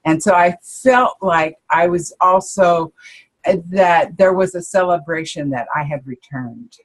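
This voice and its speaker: A woman co-hosts a relaxed spiritual chat, speaking slowly and hesitantly in a lowish voice. She pauses often and restarts her sentences as she works through her thoughts. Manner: hesitant, many ums and restarts. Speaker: co-host.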